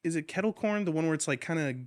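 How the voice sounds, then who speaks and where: A man's voice: fairly high pitch, rapid-fire. Jokey young man, podcast co-host. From Texas, USA. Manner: jokey, laughs often. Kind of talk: casual chat.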